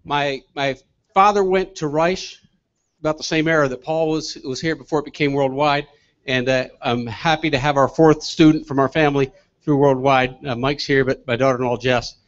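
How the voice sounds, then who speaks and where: Brief: older man, mid pitch, halting grateful remarks, muffled live sound. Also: steady tone. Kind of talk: short speech at an event. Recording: muffled lo-fi recording.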